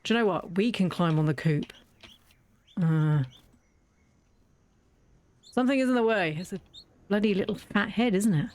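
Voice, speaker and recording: A woman's voice: medium pitch, normal speed, long pauses, darkish tone. A woman chatting through a game, wry and self-mocking, talking fondly to her in-game animals. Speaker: gaming video creator. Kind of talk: casual let's-play commentary.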